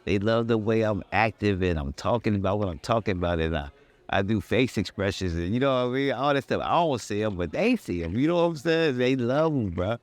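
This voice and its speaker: A man who does stand-up comedy, talking about being on stage in a relaxed, earnest and casual way, with loose phrasing. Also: fairly low pitch, brisk, no echo. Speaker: comedian in an interview. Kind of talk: casual reflective talk.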